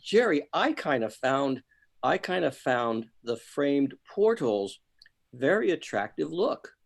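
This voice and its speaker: Halting, enthusiastic man. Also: mid-range voice, sing-song, gravelly. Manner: halting, repeats words, enthusiastic. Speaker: photography club member. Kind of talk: casual club discussion. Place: online club meeting.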